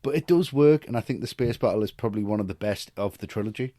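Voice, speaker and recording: Animated, swearing man, lowish voice. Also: fast, no echo, studio quality. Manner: animated, swearing, jokey rants. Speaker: podcast co-host. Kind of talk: casual film chat.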